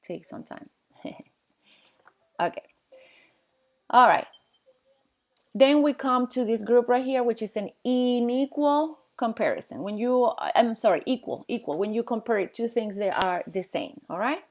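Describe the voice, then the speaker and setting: A woman teaching a Spanish grammar lesson in English. She explains patiently, pauses while she writes on the board and keeps checking in with her students. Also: a little high. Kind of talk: classroom lesson at a whiteboard.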